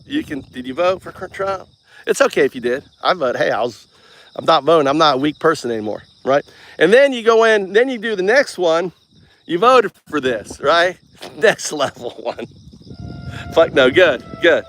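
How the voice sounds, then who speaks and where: Guy rambling on solo, kinda high voice, jokey and mocking, says "right?" constantly. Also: lively intonation, normal speed, fairly bright tone. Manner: rambling, tags lines with "right?", restarts often; mocking, jokey, chuckles while talking. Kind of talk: casual rambling monologue.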